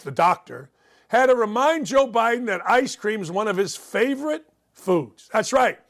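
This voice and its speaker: A man with a high-pitched, gravelly voice hosts a sports talk show, delivering an opinionated rant about sports and politics in a sarcastic, mocking way.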